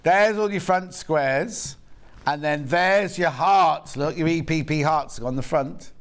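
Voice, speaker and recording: A man's voice: a little high, takes it slowly, smooth. A man with a British accent presenting on a live shopping channel, chatty and rambling with self-mocking asides, in a TV studio.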